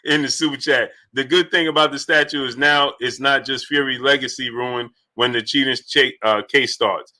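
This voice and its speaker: A man's voice: medium pitch, sharp tone. A man hosting a boxing livestream in casual chat, greeting viewers by name as he talks loosely.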